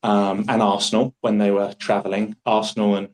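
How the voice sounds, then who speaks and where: Poor audio captures a young Scottish man with a fairly low voice speaking briskly at a live public speaking workshop. Animated throughout, he acts out voices in his anecdotes.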